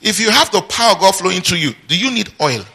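Male pastor, bright and forceful delivery, prompts the congregation to finish his lines. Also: high voice, fast talker, slightly rough. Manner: call-and-response, asks the congregation to finish his sentences; lively teaching with asides and laughter. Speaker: preacher. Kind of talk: sermon.

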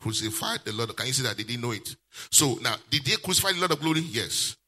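A male pastor, preaching a sermon with lively call-and-response questions. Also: medium pitch, fast talker.

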